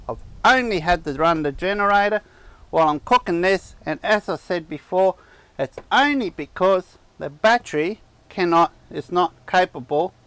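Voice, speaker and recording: A man talks casually to camera at an outdoor campsite. His voice is smooth and clear, a touch higher than most men's, and sounds dry with no echo. He rambles and restarts his sentences like a friendly host. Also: a bit bright. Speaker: camping channel host. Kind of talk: casual vlog chat. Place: outdoor campsite on a cattle property.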